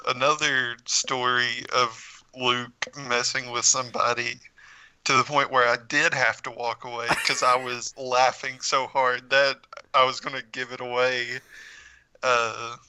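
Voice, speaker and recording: Young male co-host, flat delivery, sharp clear tone, dry room. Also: mid-range voice, a little slow, low-quality recording. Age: young adult. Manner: flat, brief agreeing replies. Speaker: podcast co-host. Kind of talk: casual chat.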